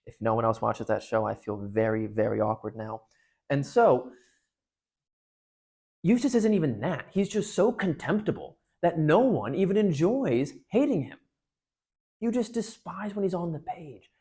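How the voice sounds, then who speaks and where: A man's voice: on the high side, lively intonation, normal speed, darkish tone, husky. A man giving a casual talk that retells and analyzes a book, speaking conversationally with frequent restarts. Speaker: parish speaker on literature.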